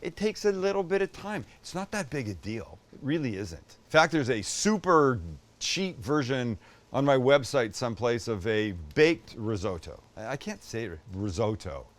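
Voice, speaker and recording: A man's voice: mid-range voice, very animated, moderate pace. Older man hosting a joking cooking show. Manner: joking, self-deprecating, rambling asides. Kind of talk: casual cooking demo chat.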